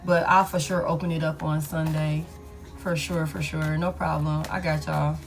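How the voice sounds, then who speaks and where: A woman's voice: low-pitched, little pitch movement, normal speed, faint music behind. A woman giving a live tarot reading, talking casually and profanely to her viewers. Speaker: tarot reader.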